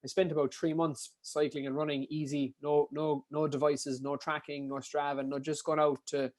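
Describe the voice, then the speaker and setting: A young man with a Kerry Irish accent, a podcast guest telling rambling stories in a casual, quick way with lots of restarts. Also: fairly high pitch, little pitch movement, a little mellow, dry recording. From Dingle, County Kerry, Ireland. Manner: rapid, rambling, frequent restarts and fillers. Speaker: podcast guest, ultra runner. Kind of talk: casual anecdotal storytelling.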